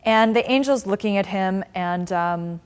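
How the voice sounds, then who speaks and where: A woman spiritual teacher giving a dharma class, retelling a story in a conversational, animated way with frequent restarts. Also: medium pitch, measured pace, smooth. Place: class in a meditation center.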